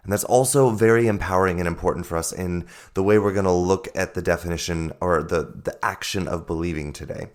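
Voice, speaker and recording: Hoarse guy with a really low voice doing his solo podcast, earnest, keeps repeating himself to drive it home. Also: a little fast, few pauses. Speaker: podcast host and life coach.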